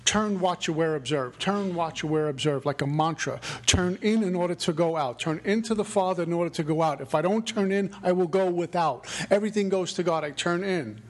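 A middle-aged man tells his personal recovery story at a meeting, his voice sitting high with a darkish tone. He talks a little fast with few pauses, earnest and repetitive, leaning on mantra-like phrases.

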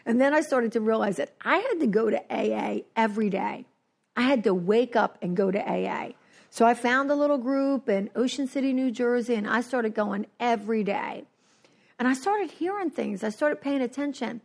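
Brief: woman, higher voice with a gravelly edge, animated storyteller giving a personal recovery share. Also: moderate pace. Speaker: speaker sharing at a recovery meeting. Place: New Jersey.

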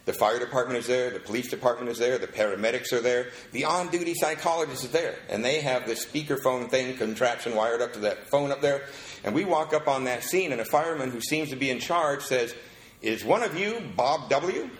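A man tells a story at a meeting in a middle-pitched voice and acts out the people in it. The room around him is echoey, like a meeting hall. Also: brisk. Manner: animated storyteller acting out the people in his story. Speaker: speaker sharing his story at a recovery meeting.

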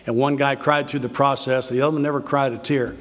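An older man giving an earnest, confessional recovery talk, telling his story with halting restarts. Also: medium pitch, level tone. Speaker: recovery speaker. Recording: reverberant hall.

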